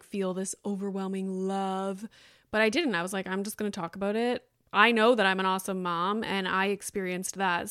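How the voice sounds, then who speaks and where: A woman's voice: medium pitch, clean tone, no echo, studio quality. A woman in her thirties hosting a casual solo podcast, talking candidly and profanely, now and then slipping into mocking quoted voices. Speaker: podcast host.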